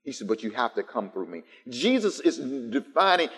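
A man's voice: on the low side, big pitch swings, moderate pace, hardly any pauses, fairly bright tone. A man preaching a sermon to a live congregation, building through emphatic repetition. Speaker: pastor. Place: church sanctuary, live-streamed. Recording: long church reverb.

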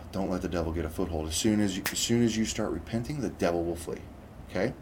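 A man's voice: sits low, quick pace, background noise. A man preaching a conversational sermon, reading scripture aloud and often checking in with "okay?".

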